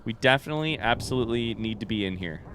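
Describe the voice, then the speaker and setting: A man's voice: mid-range voice, lively intonation, quick pace, heavy background noise. A young man giving casual, joking commentary while playing a video game, talking back to it and swearing. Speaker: gaming streamer.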